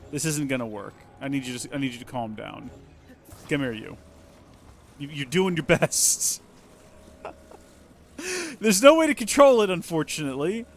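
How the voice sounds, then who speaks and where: A man's voice: fairly high pitch, animated, normal speed, long pauses. A man streaming a video game, chatting casually and playfully to himself and his viewers. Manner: playful, talks to himself and the game, jokey asides. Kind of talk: casual let's play commentary.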